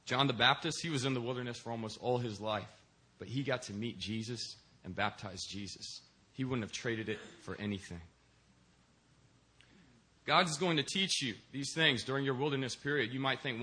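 A man's voice: mid-range voice, normal speed, bright, forceful tone. A young man, a deacon, preaching a sermon in a church and telling stories with acted-out voices. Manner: storytelling, acts out quoted voices. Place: church in Korea.

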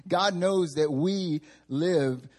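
A man's voice: fairly high pitch, very slow, darkish tone. A male pastor giving a sermon in a church sanctuary, telling humorous, self-mocking stories.

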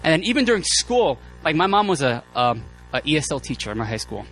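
A man preaching a sermon, telling personal stories in a casual, joking, animated way with many fillers and restarts. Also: a little high, fast talker, faint music behind.

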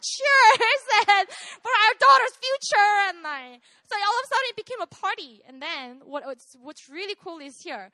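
A young woman, telling a personal testimony in an animated way, laughing often and checking in with "right?". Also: sits high, no room sound. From South Korea. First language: Korean. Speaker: speaker sharing a testimony.

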